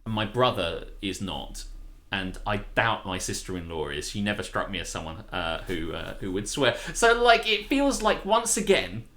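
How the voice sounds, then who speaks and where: Guy chatting on a live stream, bouncy pitch, bright sound, jokey and animated. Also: moderate pace. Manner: animated, jokey, given to silly voices and laughter. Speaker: podcast co-host. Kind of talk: casual live-stream chat.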